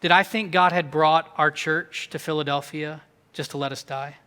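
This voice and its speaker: Bright, high-voiced male pastor preaching. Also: fairly even intonation, clean tone, in a large hall. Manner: emphatic, conversational preaching with quick asides. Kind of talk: sermon. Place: church sanctuary.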